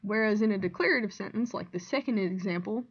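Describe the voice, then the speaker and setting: A woman teacher walks through a language lesson at a steady, deliberate pace, reading out examples and explaining each one. Her voice sits at an everyday middle pitch. The recording is a little dull and lo-fi. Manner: clear, deliberate explaining with example sentences read aloud. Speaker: Spanish teacher.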